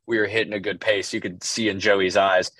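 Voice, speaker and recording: A man's voice: low-pitched, little pitch movement, brisk, a bit bright, dry recording. A man co-hosting a podcast, telling rambling stories in casual chat with lots of fillers and swearing. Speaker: podcast co-host.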